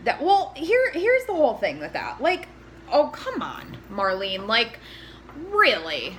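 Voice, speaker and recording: Brief: young woman, bright lively voice, animated swearing recap co-host, faint hiss behind. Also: on the high side, a little slow. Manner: animated, swearing, acts out reactions. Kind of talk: casual TV recap chat.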